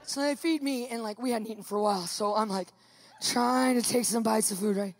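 A woman tells her personal testimony with lively energy, laughing often and acting out other people's voices. Her speaking voice sits a little high. Her storytelling is casual and expressive. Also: a little fast, some chatter behind. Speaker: guest giving a testimony.

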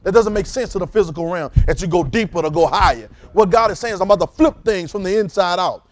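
Animated preacher man, fairly high voice. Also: fast talker. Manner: animated, repetitive, rising to loud emphatic bursts; calls on congregation to repeat phrases. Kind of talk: sermon.

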